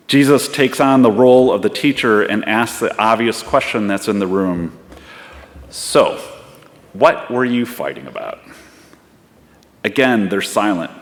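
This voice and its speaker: A man preaching a sermon as pastor, in a reflective storytelling way. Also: medium pitch. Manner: storytelling, reflective, acts out voices. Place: church sanctuary. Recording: long church hall reverb.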